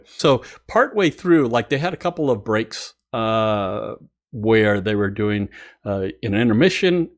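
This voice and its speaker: Music channel guy rambling through a story, lower voice, laughs a lot, super excited. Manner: excited, laughs often, many fillers. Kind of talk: casual storytelling to camera.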